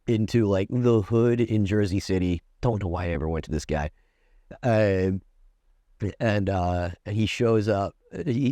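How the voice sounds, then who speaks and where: A man with a very low, deep voice tells a long personal story the way a comedian does, casual and profane. He stumbles through restarts and acts out both sides of the conversation, and his voice sits close and dry on the mic. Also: dark tone, no echo. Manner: rambling, profane, with many restarts and quoted exchanges. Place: New York City.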